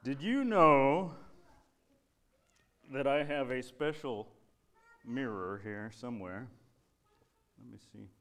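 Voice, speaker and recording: A man voicing a cheerful male church puppet who preaches a children's sermon in a put-on Southern preacher accent, with a showy, drawn-out delivery. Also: medium pitch, expressive, a bit bright. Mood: playful.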